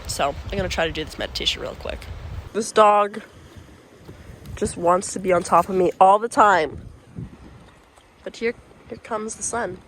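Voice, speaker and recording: A woman's voice: mid-range voice, moderate pace, pauses often, fairly bright tone, a little hiss or hum, rough recording. A woman vlogger chatting casually and playfully on a handheld phone, outdoors on a seaside cliff. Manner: chatty, playful, talks to her dog. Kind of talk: casual vlog narration.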